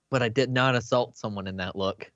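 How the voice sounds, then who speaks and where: A man's voice: mid-range voice, a bit bright, no room sound. Joking man player on a dry line. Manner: loose, joking, laughs often, swears. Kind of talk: casual tabletop play. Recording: dull, dry lo-fi stream audio.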